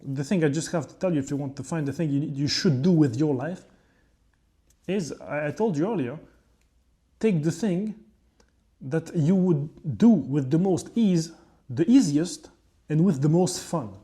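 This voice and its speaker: A man's voice: fairly high pitch, expressive, unhurried, warm tone. A man in his twenties with a French accent, talking casually to the camera in a rambling, profane vlog monologue with frequent asides. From France. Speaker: chef and fitness creator.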